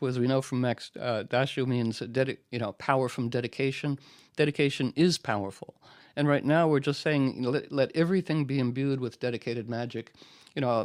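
A man's voice: medium pitch, no room sound. A man hosting a live radio pledge drive. He thanks callers by name in a rambling, effusive way, full of fillers and whimsical spiritual turns of phrase, speaking into a studio microphone. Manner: rambling and effusive, heavy on "you know" fillers. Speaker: radio host running a fund drive.

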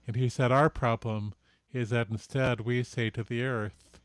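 A man speaking as a guest in slow, contemplative reflection, recovering from surgery. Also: medium pitch, steady tone, smooth, dry recording. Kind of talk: reflective spiritual talk.

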